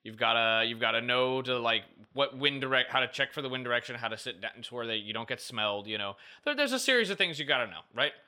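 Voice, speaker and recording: A man's voice: mid-range voice, fast talker, hardly any pauses, pushed and bright. A man chatting as a podcast guest, explaining his view with lots of "like" and "right?". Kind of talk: casual podcast chat.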